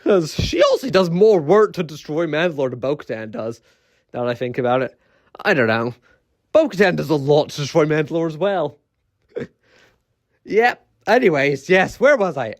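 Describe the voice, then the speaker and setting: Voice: mid-range voice, very animated, moderate pace. A video essayist ranting casually, rambling through many fillers and restarts with exasperated, incredulous asides.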